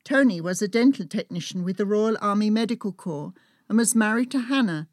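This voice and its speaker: Woman, memoir narrator, measured storytelling, dry recording. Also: medium pitch, lively intonation, darkish tone, dry recording. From England. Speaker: author and narrator. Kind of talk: memoir reading.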